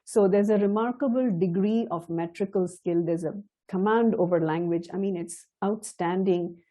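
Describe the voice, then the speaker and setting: A middle-aged woman teaching a chant, explaining slowly and carefully, now and then laughing softly. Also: medium pitch. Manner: slow, measured and explanatory, with soft laughs. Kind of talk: spoken lesson with chanted demonstrations.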